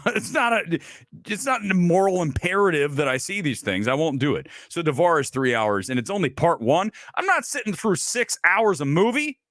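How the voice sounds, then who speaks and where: Male host, blunt, sarcastic rants, swings his pitch a lot, dry close mic. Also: moderate pace, no room sound. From Los Angeles area resident. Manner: animated, blunt, sarcastic, swears freely. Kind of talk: casual ranting film commentary.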